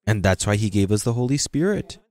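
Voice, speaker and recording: A man's voice: fairly low pitch, animated, a little fast, dark tone, no room sound. A man preaching a sermon, acting out the voices of churchgoers as he tells stories. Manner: acts out voices of churchgoers and God in quotes.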